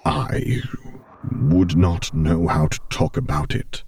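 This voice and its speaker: A man voicing a remorseful, ashamed armored man who speaks in halting, formal phrases. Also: low voice, very animated, gravelly, darkish tone, slight background noise, full character voice. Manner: halting, formal, hesitant speech.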